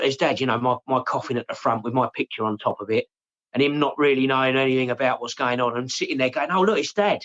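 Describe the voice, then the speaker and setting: An English man in his forties, talking openly and haltingly in an interview, often repeating his words and saying "mate". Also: mid-range voice, fairly bright tone, muffled recording. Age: 40s. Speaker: podcast guest. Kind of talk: emotional personal interview.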